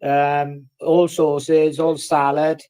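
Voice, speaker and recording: A man's voice: on the high side, flat delivery, drawn-out words, warm tone, clear, resonant tone. A man hosting a casual livestream, ranting and swearing in between jokes. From Wales. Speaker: livestream host.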